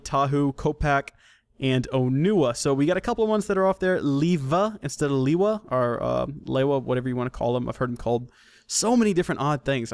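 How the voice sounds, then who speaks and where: A man's voice: medium pitch, no room sound. Rambling man hosting a dry-sounding podcast. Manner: rambling, self-correcting, joking. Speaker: podcast host. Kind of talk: casual solo podcast commentary.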